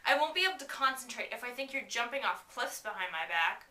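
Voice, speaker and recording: A woman's voice: a little high, expressive, fast talker, sharp tone. Woman reading as an urgent, worried teenage boy. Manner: urgent, pleading. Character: anxious protective teenage boy. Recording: echoey room from far off.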